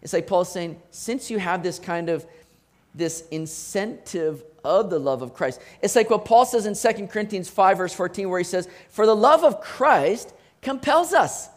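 A man preaching a sermon as pastor, animated, with emphatic rising bursts and repeated words. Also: high-pitched, normal speed.

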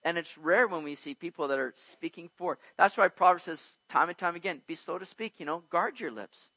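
A man's voice: on the high side, normal speed, no echo, poor audio. A man preaching a verse-by-verse sermon, asking his listeners questions and acting out everyday scenes. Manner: animated, asks the congregation questions and acts out little scenes. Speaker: pastor. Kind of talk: expository sermon on Proverbs.

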